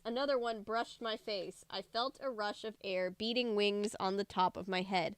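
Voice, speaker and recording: A woman's voice: medium pitch, measured pace, fairly bright tone, clean tone, no echo. A woman reading a book aloud on a livestream, breaking off for chatty, joking asides. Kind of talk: casual read-aloud livestream.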